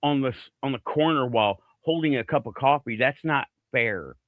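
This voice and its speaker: A man's voice: mid-range voice, moderate pace, no echo, phone-quality sound. A man with a Middle Tennessee accent, a guest on a live stream, talking casually in a laid-back, folksy way. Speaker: guest podcaster.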